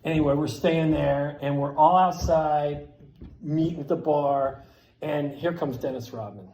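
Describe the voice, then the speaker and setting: Man, casual story, animated and profane, slightly high voice, echoey room. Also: unhurried, a little hiss or hum. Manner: animated, profane, acts out quotes loudly. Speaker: storyteller at a skate event.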